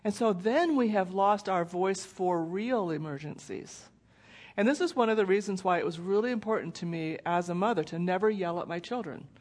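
A woman's voice: medium pitch, moderate pace, a little mellow. A middle-aged woman giving a parenting presentation in a conversational way, intense without raising her voice. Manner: conversational, acts out quoted voices. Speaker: parenting speaker. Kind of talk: presentation talk with slides.

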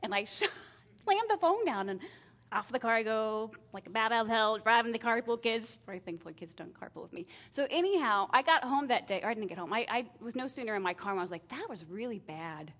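A middle-aged woman talking casually about parenting and discipline, acting out exchanges with her kids in lively voices and laughing at herself. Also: on the high side, quick pace. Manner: animated, acts out family exchanges with self-deprecating laughs. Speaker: parenting speaker.

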